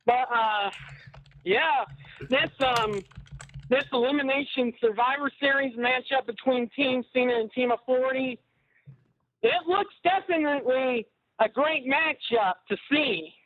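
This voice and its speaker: A man's voice: extremely high pitch, measured pace. A man calling in to a show, chatting casually in a joking, rambling way over the phone. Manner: joking, rambling, prone to pranks. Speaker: caller. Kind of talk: casual chat. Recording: tinny phone line.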